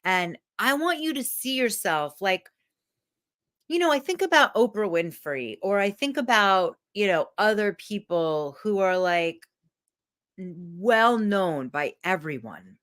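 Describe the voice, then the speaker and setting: A woman's voice: mid-range voice, a little slow. A woman coach giving a candid, emotional motivational talk to camera, swearing freely. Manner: animated.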